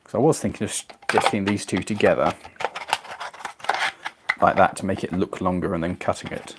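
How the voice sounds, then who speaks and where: A chatty man from England with a slightly low voice hosts a relaxed live stream. He reads viewer comments aloud between bits of building and pokes fun at himself along the way. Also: moderate pace, very noisy. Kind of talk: casual live-stream chat while model building.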